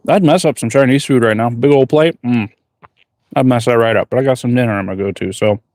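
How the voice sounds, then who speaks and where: A man's voice: medium pitch, quick pace, a little mellow, no echo, clean studio sound. A man who is a blacksmith, chatting casually on a livestream from his forge workshop, rambling and reading viewer questions aloud.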